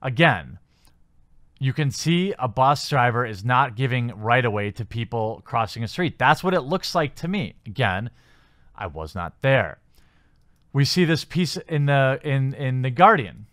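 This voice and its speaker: A man's voice: medium pitch, very animated, a little slow, fairly bright tone, no room sound, studio quality. A man hosting a commentary channel, reading news articles aloud and picking them apart with sarcastic, skeptical remarks and many fillers.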